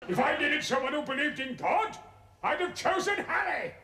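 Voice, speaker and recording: A man's voice: very high voice, sing-song, moderate pace, exaggerated voice. An actor playing a furious, blustering medieval king who bellows at his son, from a TV comedy. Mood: scornful. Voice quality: bellowing, bright.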